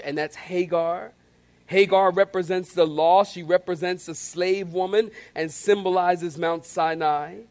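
High-voiced animated male preacher. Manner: animated, calls for congregation response. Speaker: pastor. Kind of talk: sermon.

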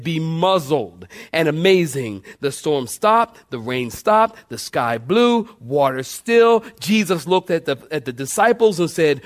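A man preaching a sermon, building his points by repetition and calling on the congregation to respond. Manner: preaching with call-and-response, sweeping pitch swings. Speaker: pastor.

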